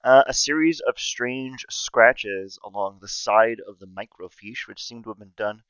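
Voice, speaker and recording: A man runs a tabletop game, laying out details in a matter-of-fact way with casual swearing. His voice is smooth and resonant. The recording is dry and a little dull and lo-fi. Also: medium pitch, unhurried, fairly bright tone, dry recording. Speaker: game master.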